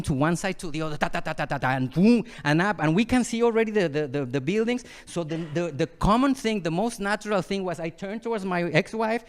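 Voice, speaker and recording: A Buddhist monk from Mexico delivers a dharma talk in a fairly high voice. He brings his story to life with vivid sound effects and acted-out moments.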